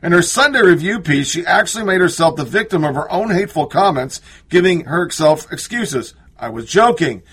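A man with a slightly high, husky voice reads news pieces aloud as a political commentator. He cuts in with sarcastic asides and scoffs at what he reads, his voice drifting off the mic now and then. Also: animated, fairly quick, few pauses, fairly bright tone.

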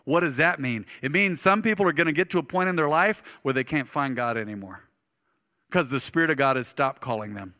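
A middle-aged pastor delivers his sermon with a bright, forceful voice that sits a little high. He tells stories animatedly, jumping from loud bursts to hushed asides. The live church sound carries a long reverb. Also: a little fast. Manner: animated storytelling, swings between loud bursts and soft asides. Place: church sanctuary.

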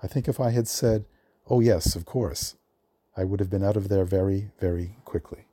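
A man reading a prepared film history at a measured storytelling pace, lifting his voice for the quotes he reads. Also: low voice, dark tone, a little hiss or hum. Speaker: film librarian guest.

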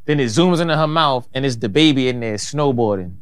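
A man's voice: medium pitch, animated, brisk, smooth, no echo. A young man co-hosting a podcast, talking in loose, slangy, laid-back banter. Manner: loud hype intro, then laid-back slangy banter. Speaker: podcast co-host. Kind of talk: casual chat.

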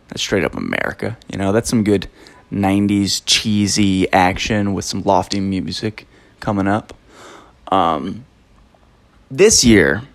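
Solo podcast host, young man, mid-pitch, swears freely, emphatic rambling rant.

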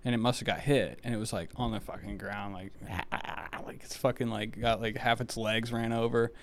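A man's voice: lowish voice, fairly even intonation, moderate pace. A young man co-hosting a podcast, telling rambling, profane stories in casual chat, with lots of filler words. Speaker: podcast co-host.

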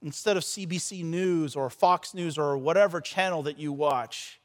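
A man preaching a sermon as pastor, repeating words as he stumbles, swinging between loud and soft passages. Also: fairly high pitch, moderate pace. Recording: long reverb of a large church hall.

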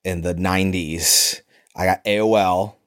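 A man in his thirties co-hosting a movie podcast, animated and sarcastic, swearing often in casual chat. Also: deep voice, unhurried. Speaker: podcast co-host.

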